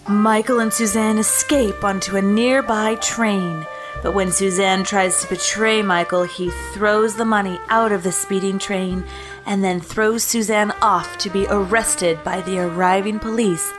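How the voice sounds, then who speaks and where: A woman's voice: medium pitch, steady tone, a little slow. A woman co-host with a playful, teasing way of chatting, laughing easily as she recaps a film. Faint music plays underneath her voice. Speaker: podcast co-host. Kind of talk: casual movie-review chat and plot recap.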